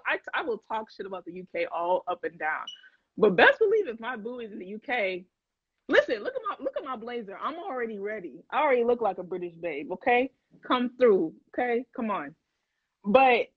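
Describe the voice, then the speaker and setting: With a slightly rough, mid-range voice, a young woman runs a livestream, talking slangily and animatedly with her viewers and laughing frequently. The recording is dry, dull, and lo-fi, with no room sound.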